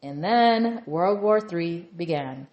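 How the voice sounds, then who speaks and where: A woman with a lowish voice chats her way through a reality show recap. She rambles and leans on fillers as she goes, speaking casually rather than from a script. The recording carries a noticeable room echo. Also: animated, takes it slowly, highs cut off. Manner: chatty, rambling with many "you know" fillers. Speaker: TV recap reviewer.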